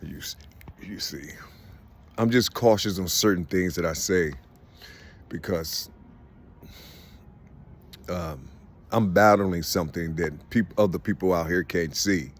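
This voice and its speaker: A middle-aged man talking in a casual, halting monologue, full of fillers and repeated "you see", swearing freely. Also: deep voice. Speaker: vlogger.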